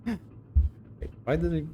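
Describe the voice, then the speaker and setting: A man streaming a game playthrough, reacting with profane, excitable commentary. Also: a little high, very slow, lo-fi sound, a little hiss or hum.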